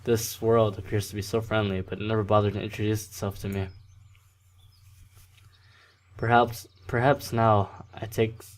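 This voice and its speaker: A man's voice: lowish voice, flat delivery, a little fast. A man hosting a let's play, reading a visual novel aloud with casual, self-deprecating asides and frequent stumbles over words.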